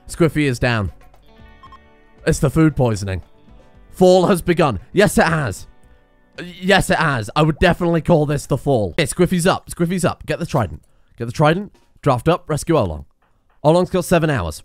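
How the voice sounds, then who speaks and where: A young man giving casual, excitable let's-play commentary, swearing and laughing at in-game disasters. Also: a little high, normal speed, no room sound, soft background music. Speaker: gaming video host.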